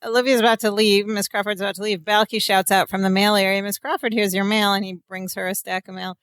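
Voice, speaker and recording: A woman's voice: medium pitch, little pitch movement, quick pace, fairly bright tone, clean tone, no echo. Chatty woman recapping a sitcom episode. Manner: chatty, recounts scenes with amused asides. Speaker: podcast co-host. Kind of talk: casual episode recap chat.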